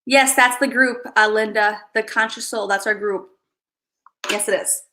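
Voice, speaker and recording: A woman's voice: medium pitch, steady tone, measured pace, sharp tone, rough recording. A woman hosting a casual livestream, chatting in a rambling way and greeting viewers by name. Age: adult parent. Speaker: livestream host.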